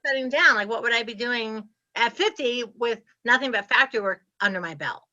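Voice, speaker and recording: Bright-voiced woman in her sixties. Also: a little high, fairly quick. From Ohio, US Midwest. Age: 60s. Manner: animated, laughs often, acts out her past self. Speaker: guest. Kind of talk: casual storytelling interview. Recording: slightly muffled lo-fi audio.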